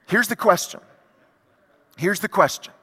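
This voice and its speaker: A man's voice: high-pitched, a little slow, sharp tone, breathy edge. A middle-aged man preaching a sermon to a congregation, emphatic and repetitive, building in intensity. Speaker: pastor. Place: church sanctuary. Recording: long reverb of a large hall.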